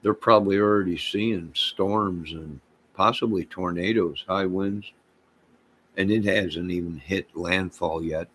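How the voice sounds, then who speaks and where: Man, casual vlog chat, folksy, rambling, lowish pitch. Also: fairly bright tone, a little hiss or hum. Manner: rambling, folksy, loose and talkative. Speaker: small channel vlogger.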